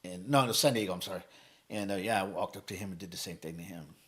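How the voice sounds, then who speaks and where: A low-voiced man speaks fast as a guest motivational speaker on a podcast. In casual chat he tells stories with energy, curses heavily and acts out what others said.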